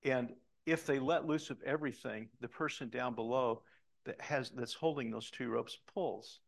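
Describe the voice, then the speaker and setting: A middle-aged man preaching a sermon, telling a story in an animated way and dropping to soft emphasis on key points. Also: mid-range voice, normal speed, gravelly. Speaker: pastor.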